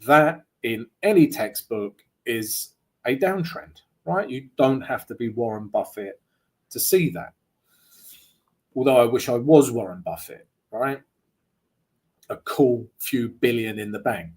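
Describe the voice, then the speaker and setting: Here a man speaks a little slowly in an animated, medium-pitched, slightly rough voice. As a trading analyst doing a live market walkthrough, he chats casually, cracks jokes, and keeps ending lines with "right?"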